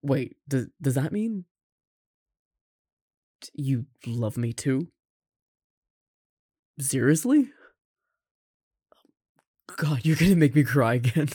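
Casting: a performer playing a tender, caring roommate confessing love, unhurried delivery, dry close sound. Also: medium pitch, big pitch swings, husky, no echo, exaggerated voice. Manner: soft, tender, with gentle laughs and sighs. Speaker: audio roleplay performer. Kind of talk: romantic audio roleplay addressed to the listener.

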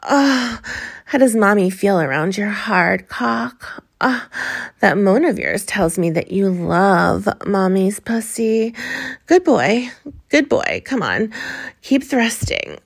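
Woman, sultry intimate role-play, breathy and husky, a bit of vocal fry, close to the mic. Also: medium pitch, lively intonation, slow pace. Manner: sultry, coaxing and breathy, with soft moans. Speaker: erotic audio performer.

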